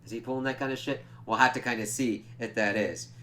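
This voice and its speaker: A man's voice: mid-range voice, steady tone, fast, bright, forceful tone, a little hiss or hum. A man giving a loose, casual recap of a TV episode, swearing freely and using lots of fillers. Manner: loose, profane, full of "like" fillers. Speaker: TV reviewer.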